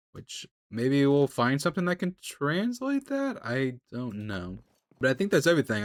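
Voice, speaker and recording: A young man giving casual running commentary while playing a video game, chatty and quick to shout in panic during fights. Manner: chatty, excitable, jumps into high-pitched panic during fights. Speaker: gaming video creator. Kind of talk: live gameplay commentary.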